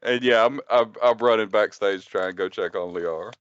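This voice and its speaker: A man playing in a tabletop game, hesitant, with many pauses and fillers. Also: lowish voice, fairly bright tone, no room sound. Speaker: player. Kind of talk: tabletop role-play over a call. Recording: dull lo-fi call audio, dry.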